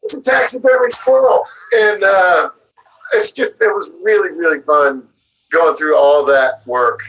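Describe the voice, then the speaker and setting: A man who is a guest voice actor, chatting casually in an interview and telling lively stories with frequent laughter. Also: sits high, unhurried, slight background noise, low-quality recording. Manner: animated storyteller, laughs often.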